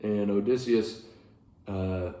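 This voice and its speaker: A man with a lowish voice retells an old epic in an unhurried, rambling lecture, stopping to correct himself and add dry asides. The room around him is echoey. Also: dark tone. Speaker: teacher retelling a classic epic.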